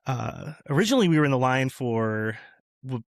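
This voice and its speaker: A man's voice: mid-range voice, big pitch swings, moderate pace, no room sound, studio quality. A man on a podcast as a guest, telling a long story in casual chat with lots of restarts and fillers.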